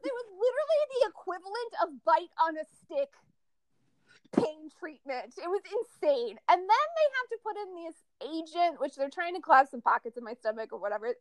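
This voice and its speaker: Very high-voiced, lively woman telling stories. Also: fairly quick, dry recording. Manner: animated, profane storytelling with lots of acted-out quotes. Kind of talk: casual chat.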